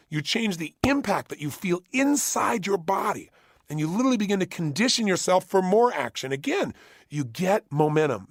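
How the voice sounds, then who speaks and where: A man speaks in a high-pitched, rough-edged voice, delivering a motivational workshop talk. He is punchy and insistent, driving points home through repetition. The sound is close and dry, with no room echo. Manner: emphatic, punchy, repeats key phrases.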